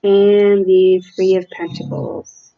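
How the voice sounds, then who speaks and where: A woman giving a tarot reading from a room at home, talking in a slow, halting, reflective way with many fillers. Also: mid-range voice, vocal fry, muffled recording. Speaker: tarot reader.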